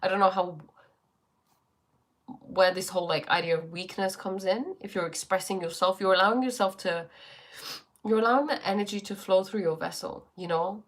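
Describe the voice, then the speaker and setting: A woman's voice: medium pitch, moderate pace. Woman musing on a spiritual livestream. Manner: reflective, questioning, spiritual talk. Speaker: livestream host and life coach. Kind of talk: casual livestream chat reading viewer comments.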